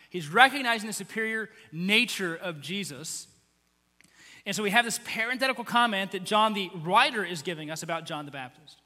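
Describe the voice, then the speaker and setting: A man preaching a sermon in a conversational, animated way, acting out quotes as he teaches. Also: high voice, big-room sound. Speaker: pastor.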